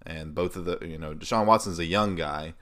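A man co-hosting a casual sports podcast, chatting and running through stats in a relaxed, jokey way. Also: sits low, fairly quick. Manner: conversational, jokey, stat-heavy. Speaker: podcast co-host.

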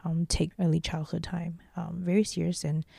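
Gravelly low-voiced woman, earnest. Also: level tone, moderate pace, mellow, no echo. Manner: earnest, repeats and restarts phrases. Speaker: startup CEO, interview guest. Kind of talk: casual interview answers.

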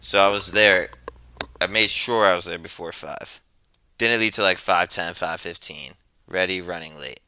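A man, low-pitched and very bright, rambling through a story with plenty of swearing. His voice is close and dry, with no room sound. The delivery is laid-back and chatty. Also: moderate pace, clean tone, no echo. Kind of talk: casual storytelling. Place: New York.

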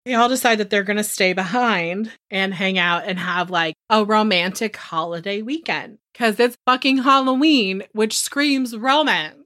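A young woman chats through a movie recap with animated, swearing energy and snaps into quick character voices. Her tone is bright and forceful. The sound is dry and close, with no room around it. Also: mid-range voice, dry recording. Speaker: podcast co-host.

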